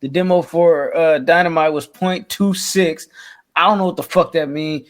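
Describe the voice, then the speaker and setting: Man, podcast co-host, fairly high voice, profane, keeps saying "you feel me". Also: steady tone, normal speed. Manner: profane, says "you feel me" often, laughs at his own stories. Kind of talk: casual chat.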